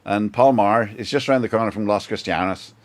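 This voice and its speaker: A man's voice: lowish voice, brisk. A man hosting a casual live-stream chat, jokey and chatty, reading out viewer comments. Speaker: host.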